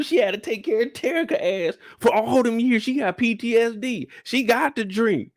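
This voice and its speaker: A man's voice: very high voice, big pitch swings, moderate pace, vocal fry, few pauses, dry recording, studio quality. A young man hosting a live after-show discussion, telling loose, profane, rambling stories. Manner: loose, profane, storytelling riffs. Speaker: show host.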